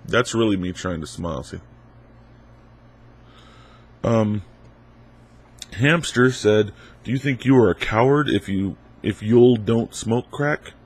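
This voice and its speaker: A man's voice: fairly low pitch, a little slow, long pauses, husky. A young man with a cold, casually reading out viewer questions and answering them with offhand jokes. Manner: joking, offhand, reads questions aloud. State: has a cold. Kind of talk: casual Q&A vlog.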